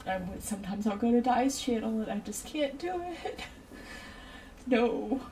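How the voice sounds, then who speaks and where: A woman's voice: fairly high pitch, unhurried, mellow, distant mic, slight background noise, low-quality recording. A woman chatting casually on a livestream, rambling off on tangents and talking straight to her viewers. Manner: talks straight to chat viewers. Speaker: streamer.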